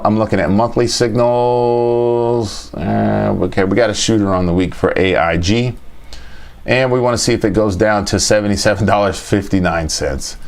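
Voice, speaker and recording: A man hosting a casual livestream chart review, thinking aloud, repeating his phrases and talking to his chat. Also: on the low side. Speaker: trading show host.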